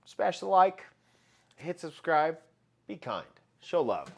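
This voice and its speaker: A man hosts a casual live stream, chatting with viewers, reading out and greeting them by name, shouting hellos, and running giveaways. His voice is on the high side, sing-song and gravelly, and he takes it slowly.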